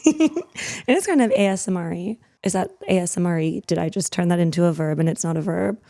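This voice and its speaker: A woman's voice: on the low side, normal speed, gravelly, dark tone, a little hiss or hum. A young adult woman from Canada hosting a podcast, chatting and laughing often, then reading a story aloud. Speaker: podcast host. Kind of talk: casual chat and reading stories aloud.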